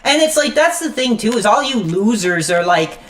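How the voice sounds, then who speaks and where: A woman's voice: on the high side, big pitch swings, normal speed. Furious stammering woman streamer ranting. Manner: furious, profane, stammering rant; repeats "frickin'" constantly. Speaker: live streamer. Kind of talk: angry live-stream rant while gaming.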